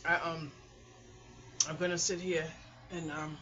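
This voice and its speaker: Middle-aged woman, rambling home vlogger, bright forceful voice, dull lo-fi home recording. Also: deep voice, a little slow. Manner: rambling and chatty, animated storytelling with laughs. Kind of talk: casual chat. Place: hot apartment room at home.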